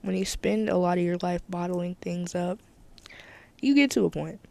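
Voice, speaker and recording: Candid woman with a gravelly voice. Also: fairly low pitch, normal speed, warm tone. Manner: candid, emphatic, repeats herself. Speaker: podcast host. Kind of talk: casual solo podcast monologue.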